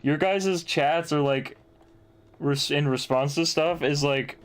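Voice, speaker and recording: A man's voice: a little high, slow. A man streaming casually, chatting with his viewers in a laid-back way with frequent chuckles. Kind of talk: casual chat while drawing.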